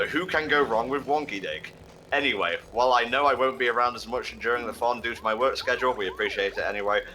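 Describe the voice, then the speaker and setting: A man's voice: mid-range voice, sharp tone, a little hiss or hum. A man on a charity game stream, reading out donations and chatting casually, swearing now and then. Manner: swears freely, reads out donations, laughs often. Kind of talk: casual live-stream chat.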